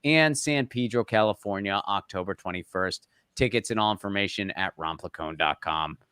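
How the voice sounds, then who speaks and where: A man's voice: fairly low pitch, bright, forceful tone, clear, resonant tone, no echo. Male guest comic on a video call, clean resonant voice, dry close sound, jokey and self-mocking. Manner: rapid list-reading, self-deprecating humor. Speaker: guest comedian. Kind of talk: casual chat, plugging tour dates.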